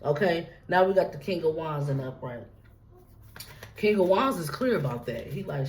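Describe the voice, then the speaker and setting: A woman's voice: sits low, animated, normal speed, darkish tone, slight background noise, low-quality recording. A woman giving a casual tarot reading, talking straight to her viewers in a loose, repetitive, profane way. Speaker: tarot reader.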